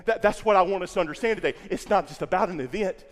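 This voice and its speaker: A pastor preaching an Easter sermon, swinging from hushed lines to loud, repeating phrases for emphasis. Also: male voice, high voice, fast, long reverb tail. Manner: impassioned, swinging from quiet to loud, repeating words. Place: church sanctuary.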